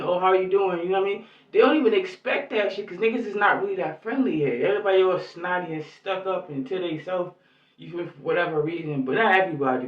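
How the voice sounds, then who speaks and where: A man giving angry, rambling vlog commentary in heavy street slang, cursing constantly. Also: sits high. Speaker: YouTube commentator. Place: lives in New York. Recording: echoey, distant, muffled lo-fi sound.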